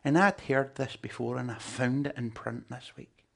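A man's voice: medium pitch, steady tone, moderate pace, creaky. A man preaching a sermon, emphatic and joking with his listeners. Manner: emphatic, humorous asides to the congregation.

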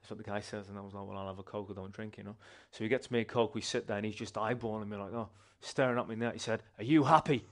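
A man, a church member giving a personal testimony in an animated, conversational way with restarts. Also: on the low side, racing, hardly any pauses.

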